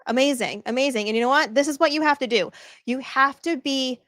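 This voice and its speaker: A woman's voice: sits high, a little fast, fairly bright tone, no echo, studio quality. A woman hosting a livestream, talking casually with viewers and laughing often. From Norfolk County area. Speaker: livestream host. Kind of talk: casual live commentary.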